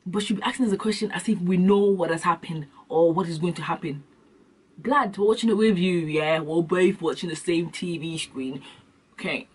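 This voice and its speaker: A young adult woman vlogging, telling comic stories in an animated, slangy way and acting out scenes. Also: fairly low pitch, moderate pace, husky. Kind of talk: comic storytelling vlog. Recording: distant from the mic.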